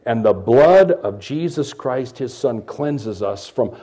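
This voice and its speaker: A middle-aged man preaching a sermon, swinging between loud emphasis and quiet, confiding asides. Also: medium pitch, lively intonation, slow. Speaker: pastor.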